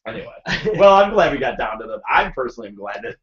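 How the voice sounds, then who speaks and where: A man's voice: medium pitch, very animated, fast. A man chatting on a casual podcast, rambling and self-deprecating. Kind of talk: casual chat. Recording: roomy, dull podcast audio.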